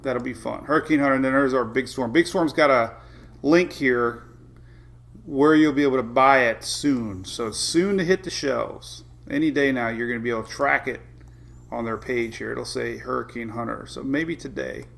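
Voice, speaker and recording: A man's voice: medium pitch, normal speed, creaky, a bit bright. A man hosting a weather livestream in a casual, chatty way, greeting viewers by name and laughing often.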